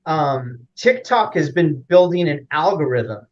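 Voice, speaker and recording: A man's voice: fairly high pitch, expressive, unhurried, lo-fi sound, slight background noise. A man as an interview guest, explaining at length in a rambling casual way with frequent fillers and restarts.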